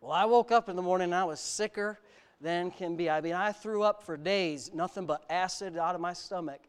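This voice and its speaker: A man's voice: high-pitched, fairly quick, smooth. A male pastor from the United States giving a candid personal testimony in a sermon, mixing self-mocking humor with serious storytelling.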